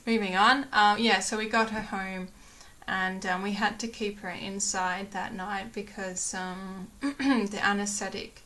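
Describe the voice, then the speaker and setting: A woman's voice: medium pitch, flat delivery, a little slow, sharp tone. A young woman chatting casually to her camera at home, rambling with many fillers and acting out what others said. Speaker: vlogger.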